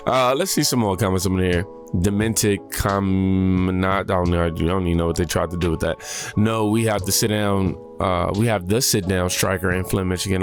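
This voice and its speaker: A man hosting a reaction channel, chatting casually with slang, fillers and asides as he comments on clips. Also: on the low side.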